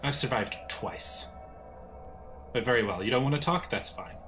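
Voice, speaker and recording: A man's voice: mid-range voice, expressive, normal speed, a bit bright, soft background music, lightly acted. A man playing a stern interrogator. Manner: firm, threatening.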